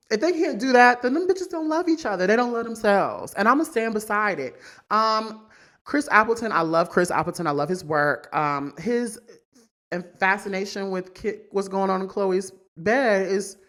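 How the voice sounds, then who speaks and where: A woman's voice: mid-range voice, lively intonation, normal speed, fairly bright tone. A woman hosting a solo celebrity gossip podcast, blunt, profane and brassy, hammering her points home by repeating them, seated on a couch indoors. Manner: repeats lines for emphasis. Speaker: podcast host.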